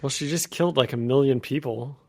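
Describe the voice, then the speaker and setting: A man's voice: medium pitch, brisk, a little mellow. A man co-hosting a podcast, chiming in with short, amused reactions during a casual chat. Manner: brief reactions, laughs along. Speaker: podcast co-host.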